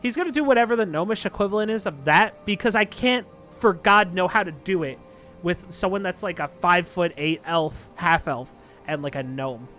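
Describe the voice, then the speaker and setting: A man's voice: high-pitched, moderate pace, sharp tone, soft background music. A man narrating a tabletop game as dungeon master, rambling with many fillers. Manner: rambling, filler-heavy, casual.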